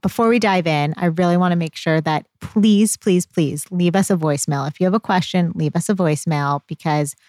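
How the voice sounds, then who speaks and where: A woman in her thirties hosting a podcast in casual chat, talking in an upbeat, animated way with self-deprecating humor. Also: lowish voice, brisk, hardly any pauses, no echo, clean studio sound. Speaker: podcast co-host.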